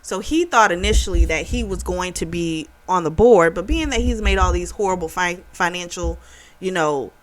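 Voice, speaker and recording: A woman giving a casual spoken book review, retelling the plot in a chatty, animated way. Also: fairly low pitch, normal speed.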